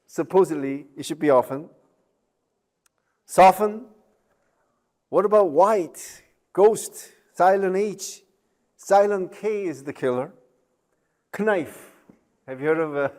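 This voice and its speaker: Chatty male lecturer, slow delivery. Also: high voice, a little mellow. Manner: chatty, joking asides, many fillers and tag questions. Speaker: university lecturer. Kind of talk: recorded online lecture.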